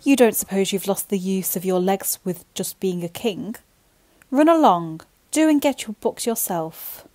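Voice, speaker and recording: A woman voicing a brisk, no-nonsense old nurse in a bedtime story. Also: mid-range voice, expressive, warm tone, no room sound, close to an everyday voice. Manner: scolding, brisk.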